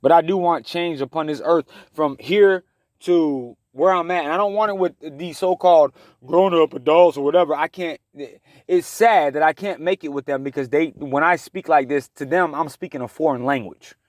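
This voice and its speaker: Living in his car out in the woods, a thirty-something man hosting a talk show launches into an impassioned, wandering personal monologue with many restarts. He speaks at a moderate pace in a fairly high voice, and the recording is dry.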